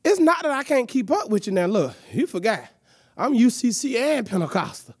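A woman's voice: a little high, sing-song, moderate pace, darkish tone, breathy edge, no room sound, clean studio sound. A woman hosting a church youth hour, out of breath, with exuberant call-and-response and playful teasing. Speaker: youth service host. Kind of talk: lively church show hosting.

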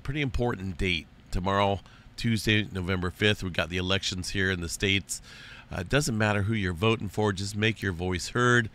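A hoarse man who keeps fighting a cough, giving a casual weather update in a folksy, easygoing way. His voice sits on the low side but comes across bright and forceful. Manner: folksy and loose, calls viewers folks. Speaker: host of an earthquake and weather update channel.

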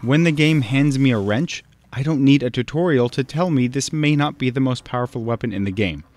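A man narrating a scripted video essay in a measured, explanatory way, speaking directly to the viewer. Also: medium pitch.

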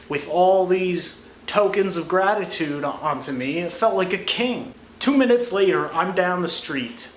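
A man's voice: high-pitched, fairly bright tone. A young American man giving a crude, sarcastic comedy monologue. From United States. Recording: echoey room, faint noise.

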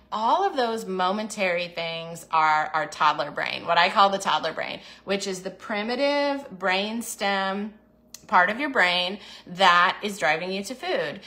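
A woman's voice: mid-range voice, pushed and bright. A woman hosting a casual livestream, talking encouragingly about food choices and reading viewer comments aloud. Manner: acts out little inner voices in quotes. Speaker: diet program host.

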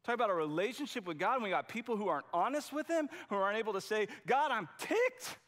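A man delivers a sermon in an earnest, conversational way, leaning hard on key words and restarting sentences as he goes. His voice sits a little higher than most men's. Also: expressive, rapid-fire, a bit bright. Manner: conversational, emphatic preaching with frequent restarts. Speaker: pastor.

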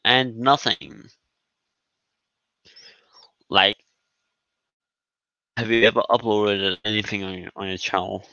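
Low bright-toned casual male streamer. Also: dry recording, lo-fi sound. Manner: laid-back, repeats "literally", drawn-out fillers. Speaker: streamer hosting a live building stream. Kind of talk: casual live-stream chat.

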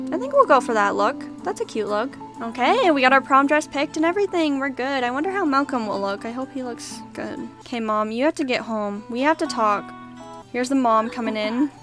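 A woman's voice: fairly high pitch, lively intonation, moderate pace, music in the background. A young woman casually commenting on her life-simulation game, chatting along and voicing her characters' lines in a playful running commentary. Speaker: gaming YouTuber. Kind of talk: casual let's-play commentary.

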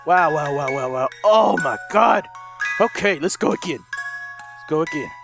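A man hosting a horror let's play, frantic and jumpy, shouting and pleading, then muttering low to himself. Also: lively intonation, a little slow, music in the background. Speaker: gaming channel host.

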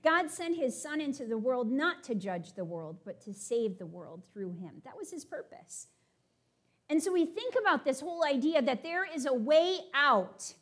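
A woman preaching a sermon, animated as she paraphrases and reads scripture to her congregation. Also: sits high, normal speed.

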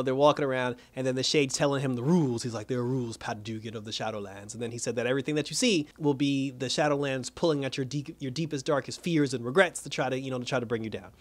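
A man giving a casual, rambling recap of a TV episode, full of fillers and quick laughs. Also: medium pitch, fairly bright tone. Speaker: TV episode reviewer.

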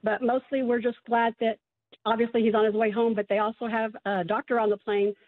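Fast-talking woman over a phone line. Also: fairly high pitch, flat delivery. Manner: quick, with fillers. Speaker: mother of a released prisoner. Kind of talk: phone interview on a news broadcast.

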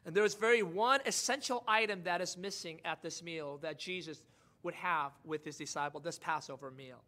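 Impassioned high-voiced male pastor preaching. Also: moderate pace. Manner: impassioned, swings from soft asides to rising emphatic declarations. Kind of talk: sermon.

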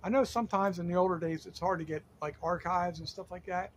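A man's voice: high voice, fairly even intonation, quick pace, slight background noise. A middle-aged man from Delaware casually telling a true story, rambling with lots of fillers and self-corrections. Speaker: storyteller host.

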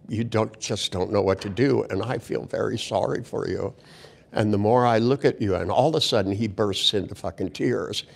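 A man's voice: fairly low pitch, creaky. An older man telling a story in a rambling, casual way, blunt and profane, with crude jokes and many restarts.

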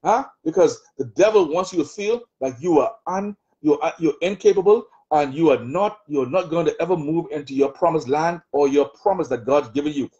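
A man with a Bahamian accent preaching a sermon, taunting in rapid repeated jabs as he voices the enemy's lies. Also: fairly high pitch, dark tone, lo-fi sound. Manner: taunting, mocking the devil's voice in rapid repetitive jabs. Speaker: prophet preaching.

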